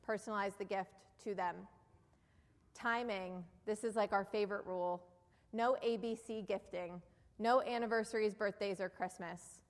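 Persuasive New Jersey woman in an echoing hall. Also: mid-range voice. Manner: earnest, persuasive, asks the audience questions. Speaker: keynote speaker. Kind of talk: motivational business presentation. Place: event hall before a live audience. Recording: long hall reverb.

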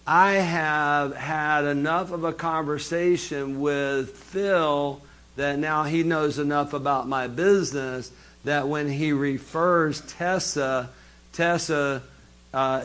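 A man giving a live business seminar, lively and jokey, speaking straight to the audience. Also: on the high side, takes it slowly.

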